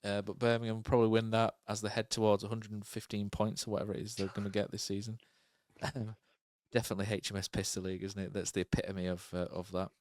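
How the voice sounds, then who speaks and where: A man with a lowish, smooth voice talks football in a loose, rambling way, leaning on fillers and tag questions as he thinks aloud. The sound is dry and close. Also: flat delivery, fast, darkish tone, no echo. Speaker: podcast co-host. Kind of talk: casual football chat.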